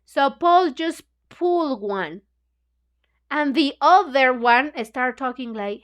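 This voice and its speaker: A woman's voice: high-pitched, slow, a bit bright, smooth. Chatty woman teacher. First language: Spanish. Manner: chatty, says "you know, like" constantly, acts out lines. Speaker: English book club teacher. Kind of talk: retelling a story for learners.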